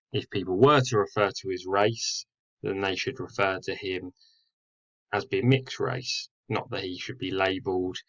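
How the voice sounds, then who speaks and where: Deep-voiced male teacher explaining. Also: a bit bright, dull audio. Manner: explanatory, with many fillers. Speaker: English teacher. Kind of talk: recorded lesson.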